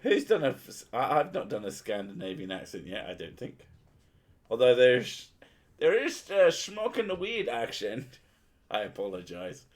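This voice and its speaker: A man's voice: mid-range voice, sing-song, a little slow. A man chatting crudely on a stream. He jokes constantly and swears freely, laughing at his own lines. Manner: profane, jokey, laughs often. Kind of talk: crude casual chat.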